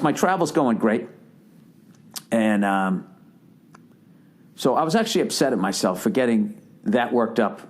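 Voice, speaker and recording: A middle-aged man hosting a podcast, talking casually in a profane, worked-up rant. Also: mid-range voice. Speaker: podcast host. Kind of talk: casual monologue.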